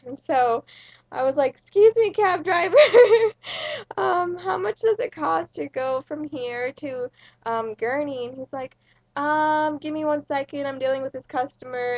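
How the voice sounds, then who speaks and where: A young woman vlogger telling a story in a chatty, casual way, full of fillers and sudden excited bursts. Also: fairly high pitch, vocal fry, no room sound, muffled recording. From India.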